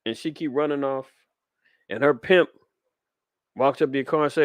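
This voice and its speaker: A man's voice: medium pitch, normal speed, long pauses, clear, resonant tone, dry recording. A man, preaching fiery commentary on the news in street slang. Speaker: podcast host.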